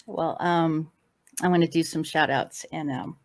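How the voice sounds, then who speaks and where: A web show host in her fifties, her voice a little low. She sounds emotional and wavering, pouring out thanks in casual talk. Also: fairly even intonation, unhurried. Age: 50s. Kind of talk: casual interview chat.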